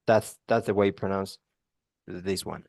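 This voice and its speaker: A man's voice: sits low, steady tone, unhurried, gravelly, a little mellow, no echo. Dry-voiced man tutoring English pronunciation. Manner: explains by repeating examples, many restarts. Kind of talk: one-on-one pronunciation lesson.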